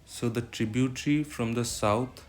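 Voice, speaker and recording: A man's voice: mid-range voice, steady tone, a little slow. A man with an Indian English accent giving an exam-prep geography lecture, switching between English and Hindi and checking in with a frequent "right?". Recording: loud background noise with clicks.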